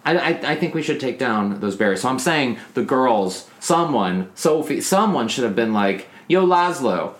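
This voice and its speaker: A young man co-hosting a podcast, telling stories in a casual, animated and blunt way. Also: medium pitch, normal speed, few pauses. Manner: animated storyteller, blunt and candid. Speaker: podcast co-host. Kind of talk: casual chat.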